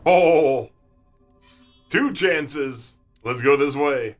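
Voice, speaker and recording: A man's voice: medium pitch, normal speed, pushed and bright, soft background music. A man giving casual, jokey commentary while streaming a video game, talking to himself as he plays. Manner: playful, jokey, talks to himself.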